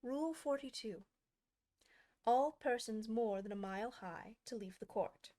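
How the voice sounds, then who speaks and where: A woman's voice: fairly high pitch, a little slow, mellow, dry recording, close to an everyday voice. Woman doing a blustering, fretful old king. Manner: anxious and blustering, with grave pronouncements. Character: fussy, dithering storybook king, older man.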